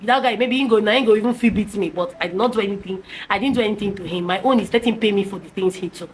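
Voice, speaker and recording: A Nigerian woman in a mid-pitched voice, recounting a story to her viewers with animated, chatty energy. She mixes Pidgin into her English and keeps restarting her sentences. A faint hiss sits under the recording. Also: quick pace, low-quality recording. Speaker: storytime vlogger. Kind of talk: casual storytelling.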